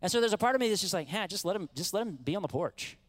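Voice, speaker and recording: A middle-aged man delivers a sermon from the pulpit in a slightly high voice. He preaches in an animated, conversational way, slipping into acted-out quotes and calling out to his congregation. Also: rapid-fire. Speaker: pastor.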